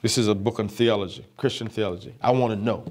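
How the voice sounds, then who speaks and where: A man's voice: fairly low pitch, steady tone, quick pace, darkish tone. A man, a pastor who is not a native English speaker, preaching a sermon with emphatic repeated phrases, often asking his listeners whether they are listening.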